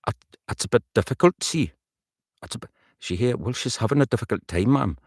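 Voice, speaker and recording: A man's voice: medium pitch, lively intonation, a little fast, dry recording, studio quality, pitched above the performer's own voice. A man voicing a slatternly Newcastle woman from an audiobook, trying a Geordie accent and rehearsing her lines over and over. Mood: weary. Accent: attempted Geordie.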